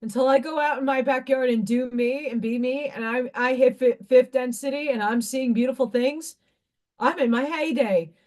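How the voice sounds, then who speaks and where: A woman's voice: high-pitched, normal speed, a little mellow. A woman hosting a live craft stream, talking about spiritual growth in a passionate, preachy way and swearing freely. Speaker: livestream craft host.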